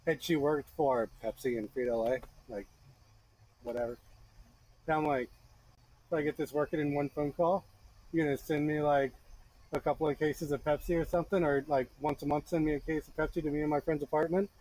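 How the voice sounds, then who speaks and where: A man in his thirties telling a lively story to a friend in a workshop, acting out the voices of the people in it. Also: fairly high pitch, fairly quick, rough recording. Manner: animated, acts out voices in his stories. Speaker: blacksmith teaching a friend. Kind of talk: casual storytelling. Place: forge workshop.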